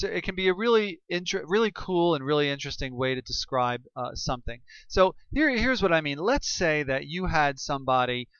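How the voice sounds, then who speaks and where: A man talks through a lesson in a relaxed, unscripted way, stumbling often and circling back with fillers as he explains. His voice is smooth and resonant, heard close and dry on a slightly dull, lo-fi recording. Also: on the high side, dry recording. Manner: halting, many fillers and restarts. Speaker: teacher.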